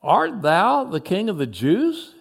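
A man voicing a stern Roman governor who questions a prisoner in slow, solemn, archaic speech. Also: sits high, wildly swooping pitch, gravelly, heavily acted. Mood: stern, pleading.

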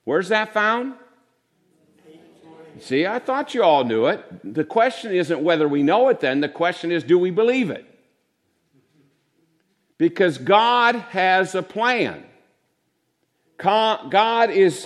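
A man's voice: sits high, very animated, a little slow. An older man preaching a sermon to a congregation in a conversational style, sometimes mimicking voices for effect.

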